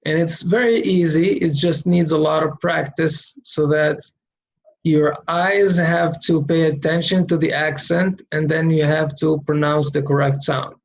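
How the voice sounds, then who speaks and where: A man's voice: a little high, fairly even intonation, measured pace, vocal fry, lo-fi sound. A man teaching Quran reading in an online lesson, patiently drawing out syllables for students to repeat.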